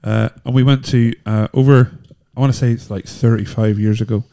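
A man's voice: medium pitch, steady tone, fairly quick, creaky, warm tone. A man from Northern Ireland, co-hosting a podcast and chatting in a joking, rambling way. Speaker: podcast co-host. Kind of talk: casual chat.

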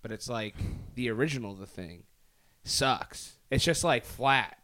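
A man's voice: mid-range voice, expressive, a little slow, bright, forceful tone. A young man co-hosting a casual film podcast, joking loosely and swearing as he talks movies. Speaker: podcast co-host.

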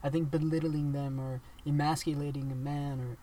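A young man chatting casually on a podcast in a relaxed, reflective way, with many fillers. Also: fairly high pitch, normal speed, far from the mic. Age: young adult. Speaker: podcast co-host. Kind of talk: casual chat. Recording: faint room noise, set back from mic.

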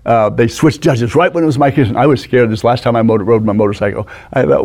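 Storyteller guest, man in his 60s; animated raconteur. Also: medium pitch, fast talker, few pauses. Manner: animated raconteur, acts out the people in his stories. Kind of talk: anecdotal storytelling. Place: studio.

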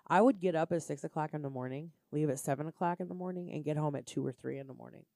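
Gravelly, profane woman telling stories. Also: low-pitched, quick pace, no room sound, studio quality. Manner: profane, animated storyteller. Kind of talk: casual chat.

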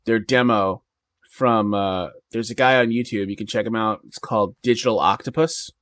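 A man's voice: lowish voice, steady tone, moderate pace, a bit bright, no echo. A man talking as a podcast guest in casual chat, rambling with many fillers and restarts.

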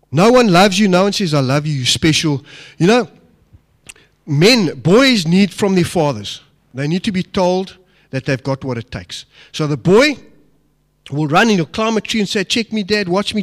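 A middle-aged man, giving an emphatic, personal talk to an audience and asking them questions. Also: a little high. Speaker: speaker addressing an audience. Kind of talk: motivational talk on fatherhood.

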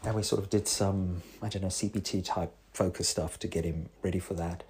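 A man's voice: deep voice, steady tone, fairly quick, darkish tone, breathy edge. A man, a psychotherapist talking in a rambling, wry voice-note monologue. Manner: rambling, self-interrupting, wry.

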